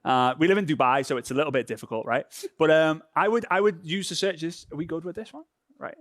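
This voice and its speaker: A European man leads an online social media class in a loose, conversational way and keeps checking in with his listeners. His voice sits a little high for a man. The sound is close and dry. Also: quick pace, no echo. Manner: casual, chatty, drops in "right?" checks. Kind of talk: live online training session. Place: home.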